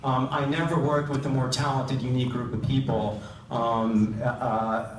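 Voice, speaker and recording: A man's voice: medium pitch, level tone, a little slow, a little hiss or hum. A middle-aged man giving an award acceptance speech in a large event hall, hesitant, with many ums and self-deprecating humor. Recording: roomy hall, distant mic, faint ambience.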